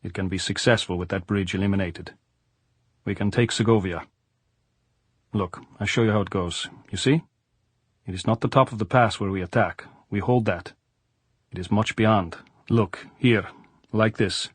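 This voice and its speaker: A man's voice: on the low side, steady tone, moderate pace, long pauses, slightly rough, no room sound. A man voicing a blunt middle-aged general who teases dryly in stiff, formal broken English, in an audiobook. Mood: dryly teasing.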